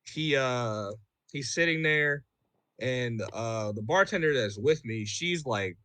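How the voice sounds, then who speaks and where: A man on a podcast telling a story in casual chat, profane and animated, full of fillers and "bro". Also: medium pitch, slow, dry recording.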